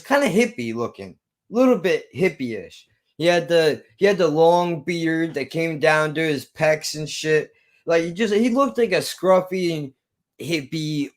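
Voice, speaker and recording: A man telling a profane personal story, acting out both sides of an old argument. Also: fairly high pitch. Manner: animated, swearing, acts out both sides of an argument.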